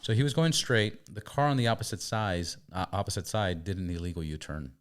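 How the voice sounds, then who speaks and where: Podcast host guy, really deep voice, tells crash stories all animated. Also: fairly quick. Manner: animated storyteller. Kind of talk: casual podcast conversation.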